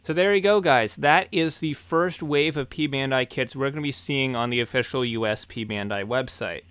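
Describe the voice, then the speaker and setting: A young man hosting a hobby news show, talking in an excited, enthusiastic way. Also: medium pitch, moderate pace, clear, resonant tone, dry recording.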